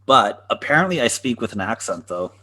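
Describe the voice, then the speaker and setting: A man's voice: on the low side, very animated, fairly quick, pushed and bright. A man co-hosting a podcast in casual chat, laid-back, swearing freely and laughing at his own jokes. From Canada. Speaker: podcast co-host.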